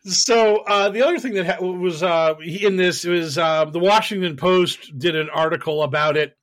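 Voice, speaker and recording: A young man co-hosting a casual podcast, his voice sitting a little high. He rambles through stories, jokes as he goes and laughs a lot. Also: moderate pace, fairly bright tone. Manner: rambling, jokey, laughs often. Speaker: podcast co-host.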